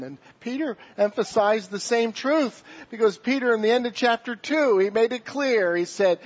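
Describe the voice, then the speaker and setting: Male pastor, high husky voice, earnest sermon, dull lo-fi church recording. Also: normal speed, few pauses.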